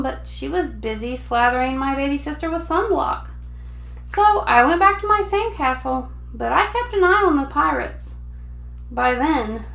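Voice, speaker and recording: A woman teacher reading a picture book aloud to children in an animated, expressive way. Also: high voice, vocal fry, roomy sound.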